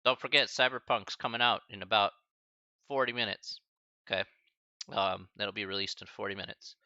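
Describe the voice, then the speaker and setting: A man teaching a math class on a live stream, saying goodbye to his students in a halting, emotional and casual way, often calling them buddy and man. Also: fairly low pitch, bright, forceful tone, dry recording, lo-fi sound. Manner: halting and choked up, many restarts and sighs; casual, friendly, calls listeners buddy and man. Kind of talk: emotional farewell talk to a live stream chat.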